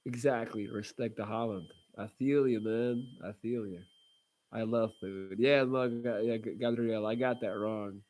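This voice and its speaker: A man's voice: lowish voice, steady tone, measured pace, darkish tone. A man hosting a casual livestream, chatting with viewers in a rambling, blunt way with lots of fillers and restarts. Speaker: livestream host reading viewer comments.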